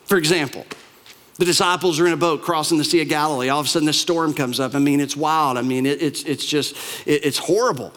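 High-voiced man preaching a lively sermon. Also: fast talker. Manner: animated storytelling, acts out quoted lines. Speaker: pastor.

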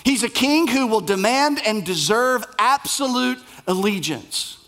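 A man with a high speaking voice delivers a sermon to his church. He talks casually, building his points with repeated phrases. His delivery stays conversational even when he presses a point. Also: measured pace. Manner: conversational, emphatic repetition. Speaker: pastor.

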